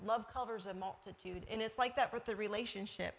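A woman's voice: medium pitch, steady tone, fairly quick, creaky, few pauses. A woman sharing everyday examples in a casual faith discussion, often asking "you know". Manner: warm storytelling with everyday examples and laughs.

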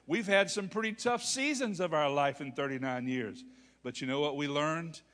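Bright-voiced preacher in a church hall. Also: male voice, on the high side. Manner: preaching with calls to the congregation and rising, shouted peaks. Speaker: pastor. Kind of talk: sermon. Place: church sanctuary with congregation. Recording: long hall reverb.

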